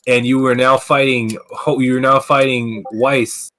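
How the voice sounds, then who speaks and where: A man hosts a loose gaming podcast from his streaming setup and goes on profane rants. His voice sits at an ordinary middle pitch. He fills his talk with "like" and swearing. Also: little pitch movement, measured pace, a bit bright. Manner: profane, ranting, lots of filler words. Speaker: podcast host. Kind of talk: casual gaming podcast chat.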